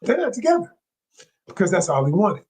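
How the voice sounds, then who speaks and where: A man's voice: high-pitched, huge pitch swings, brisk, a little mellow, breathy edge, low-quality recording. A man giving relationship advice in a live coaching talk to his viewers, emphatic and repeating key phrases, calling listeners y'all.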